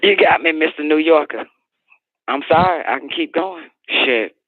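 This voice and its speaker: A man's voice: fairly high pitch, normal speed, no echo, lightly acted. A man voicing a furious woman who rants and curses scornfully at her partner, over a phone-like radio line. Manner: profane, shouting, scornful rant.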